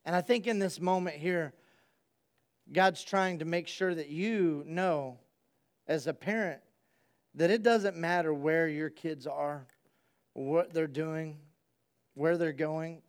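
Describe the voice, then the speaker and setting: A man preaching a sermon, swinging from hushed storytelling to loud, excited preaching. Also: a little high, slow pace, pauses often, smooth. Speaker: pastor.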